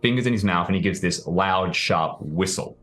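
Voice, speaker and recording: A man's voice: low voice, normal speed, a bit bright, faint music behind. A man running a tabletop role-playing game as game master, narrating the scene with descriptive, filler-laced speech.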